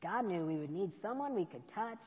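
A woman reading aloud, voicing a gentle, patient mother bear who explains things in a soft, reassuring way. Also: mid-range voice, lively intonation, brisk, lightly acted. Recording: dull echoey church hall.

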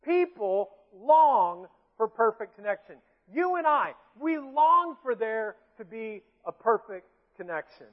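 A Southern preacher with an unusually high voice for a man, talking plainly and conversationally to his congregation and tossing questions out to them. The sound is thin and tinny, like a phone line, and a long reverb trails off every phrase in the big room. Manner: conversational preaching, asks the congregation questions, light self-mocking asides. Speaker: pastor. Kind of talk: sermon. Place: church sanctuary.

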